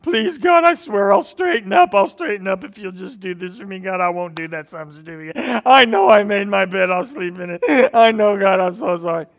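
Man putting on a begging leper, raised pitch, loud and frantic, cries out, lively swoops. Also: normal speed, few pauses. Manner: pleading, bargaining loudly. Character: desperate groveling adult male leper.

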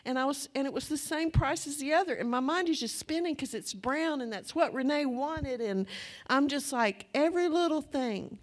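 A woman with a high voice speaks at a normal pace as a church speaker, preaching a testimony sermon. She tells her story in a chatty, breathless way, acting out the words she once said.

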